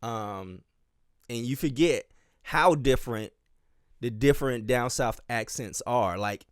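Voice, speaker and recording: A man's voice: medium pitch, slow, no room sound, studio quality. Rambling Southern man chatting solo. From Miami and Charleston, US South. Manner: rambling, with many fillers and restarts. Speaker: dance teacher and podcast host. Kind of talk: casual solo chat.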